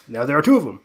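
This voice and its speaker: A man's voice: medium pitch, a little mellow, breathy edge. A man co-hosting a casual podcast chat, jokey and laughing often. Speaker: podcast co-host.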